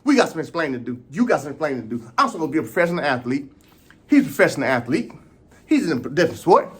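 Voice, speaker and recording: A man's voice: on the high side, very animated, very fast, husky, voice pushed down, heavily acted. Man playing a whiny sprinter griping at his coach. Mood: indignant. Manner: indignant, repetitive complaining.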